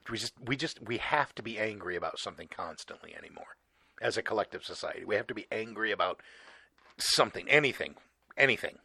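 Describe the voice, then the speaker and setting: Cussing podcast guy, bright gravelly voice, pitch swings all over. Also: animated, quick pace, no echo. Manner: profane, exasperated ranting. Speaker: podcast co-host. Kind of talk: casual comedy podcast chat. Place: hot small room.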